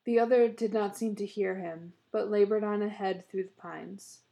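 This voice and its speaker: A woman narrator reading a short story aloud in a steady, measured storytelling manner. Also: mid-range voice, gravelly, muffled recording.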